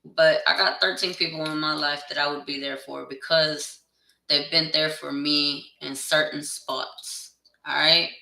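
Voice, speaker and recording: Blunt, gravelly tarot reader ranting. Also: mid-range voice, flat delivery, unhurried, pushed and bright, distant mic. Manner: blunt and profane; heated, insistent. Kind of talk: casual direct-to-camera rant. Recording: echoey room, voice away from the mic.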